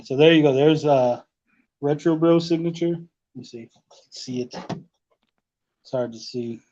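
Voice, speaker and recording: Animated, profane man on a lo-fi call. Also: medium pitch, a little hiss or hum. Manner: animated, profane, acts out others' lines. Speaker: podcast host. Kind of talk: casual chat, storytelling. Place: hotel room.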